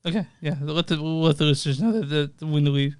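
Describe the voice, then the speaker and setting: A man's voice: fairly high pitch, fast talker, smooth, dry recording, clean studio sound. A man co-hosting a movie podcast, laid-back and enthusiastic, swearing casually and reading out review scores. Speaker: podcast co-host.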